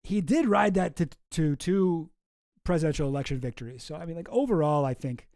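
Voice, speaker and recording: A man hosting a casual commentary stream, rambling, sarcastic and quick to swear. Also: on the high side, animated, creaky, a little mellow, dry recording, clean studio sound. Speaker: streamer host.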